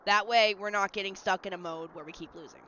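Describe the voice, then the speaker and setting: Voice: mid-range voice, fairly even intonation, fast, noisy background. A livestreamer in casual, rambling chat while gaming at home, answering messages from chat. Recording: slightly dull lo-fi mic. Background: faint game music.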